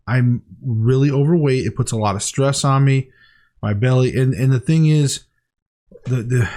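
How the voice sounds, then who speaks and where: Regular guy rambling on his diet vlog, open and heartfelt, mid pitch voice. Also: dark tone. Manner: candid, rambling, heartfelt, many restarts. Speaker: weight-loss diary vlogger. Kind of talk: casual diet vlog to camera.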